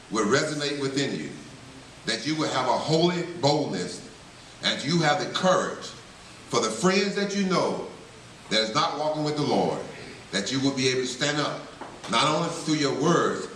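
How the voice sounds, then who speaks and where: A man's voice: mid-range voice, bright, forceful tone. A man tells his testimony to a banquet crowd with earnest, story-driven delivery. His voice echoes heavily around a large hall and sounds distant from the microphone. A faint hiss sits under the recording. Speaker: banquet speaker. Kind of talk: testimony speech.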